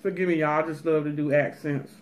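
A woman's voice: sits low, steady tone, fairly quick, slight background noise. A woman vlogger chatting casually to her viewers, giving emphatic advice and repeating herself for emphasis. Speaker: cooking and mukbang vlogger. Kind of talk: casual chat.

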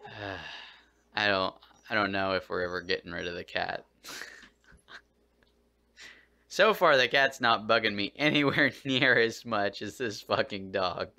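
A man's voice: creaky, sharp tone, no echo. Exasperated man scolding his dog. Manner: exasperated, swearing, talks to the dog in a mock-scolding high voice. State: short on sleep. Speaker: vlogger. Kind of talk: casual vlog talking to his dog.

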